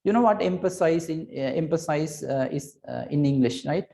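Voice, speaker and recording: Mellow-voiced male teacher, patient and repetitive. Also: on the high side, lively intonation, moderate pace, vocal fry. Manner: patient, repetitive explaining with frequent checks like "right?" and "okay". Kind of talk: recorded computer lesson.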